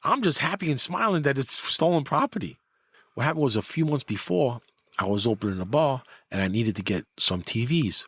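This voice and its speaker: A husky middle-aged man tells his story in a loose, animated way. His pitch jumps when he acts out what others said. The sound is dry and close. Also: a little fast, no echo. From New York. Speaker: guest, former mob enforcer. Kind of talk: casual storytelling.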